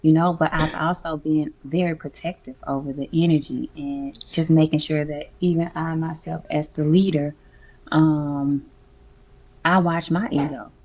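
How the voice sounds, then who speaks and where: Low gravelly woman, slangy storyteller. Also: measured pace. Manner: expressive, slangy, profane. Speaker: music event curator, guest. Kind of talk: casual storytelling interview.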